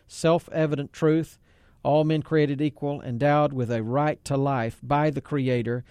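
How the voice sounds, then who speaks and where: A man's voice: mid-range voice, a little mellow, dry recording. A man hosting a talk radio show, earnest and emphatic, preacherly in his appeals to listeners.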